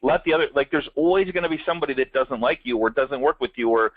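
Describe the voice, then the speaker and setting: A man's voice: mid-range voice, quick pace, no echo, narrow, tinny audio. A man coaching in a casual business chat, telling stories and acting out what people say. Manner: animated storyteller acting out quotes.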